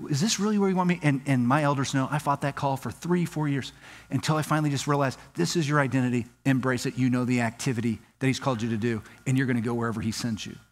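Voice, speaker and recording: Guy pastor from socal preaching, acts out the quotes, voice climbs when he gets worked up, big church echo. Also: fast. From Southern California. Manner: animated storytelling, acts out quoted dialogue with rising pitch. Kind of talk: sermon. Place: church sanctuary.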